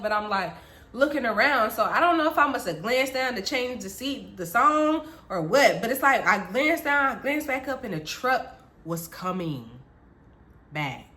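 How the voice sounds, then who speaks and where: A woman vlogger telling her childhood story in casual chat, animated, laughing often and calling her viewers y'all. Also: fairly high pitch, normal speed.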